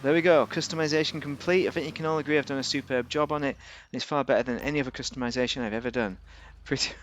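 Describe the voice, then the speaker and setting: Male game host, loose conversational review delivery, easygoing humour, average pitch. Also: steady tone, racing, a little hiss or hum. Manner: chatty, rambling, jokey. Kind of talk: casual game car review commentary.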